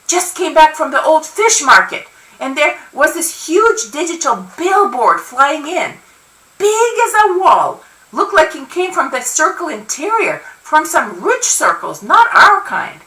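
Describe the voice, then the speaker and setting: A woman voicing an excited young boy messenger who talks urgently and in a rush, in a storybook reading. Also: sits high, pitched above the performer's own voice, full character voice. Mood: breathless. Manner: urgent, rushed. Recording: roomy, from far off.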